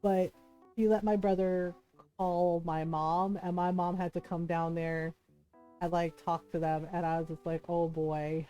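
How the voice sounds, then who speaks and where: A woman's voice: on the low side, level tone, a little slow, warm tone, clean tone, muffled recording, soft background music. A woman streamer telling a family story in casual chat while she plays a game. She laughs often and keeps saying "like" and "right?". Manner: chatty, laughs often, says "like" and "right?" a lot. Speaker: livestream host.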